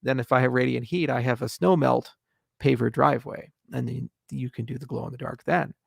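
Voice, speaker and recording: Guy doing a casual live q&a, very gravelly fry, dry close sound, wry deadpan jokes. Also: mid-range voice, fairly quick, dry recording. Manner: wry, deadpan joking, reads questions aloud. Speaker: host answering viewer questions. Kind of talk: casual livestream Q&A.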